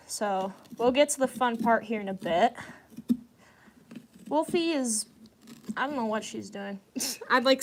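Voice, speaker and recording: A woman's voice: fairly high pitch, a little hiss or hum. A young woman chatting casually on a live stream at home, giggling often and rambling from one thought to the next. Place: at home indoors.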